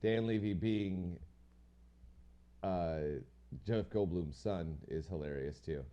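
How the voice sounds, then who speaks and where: A man's voice: low-pitched, slow, warm tone. A man co-hosting a podcast, chatting casually in a rambling, slangy way and swearing now and then. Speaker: podcast co-host. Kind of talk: casual chat.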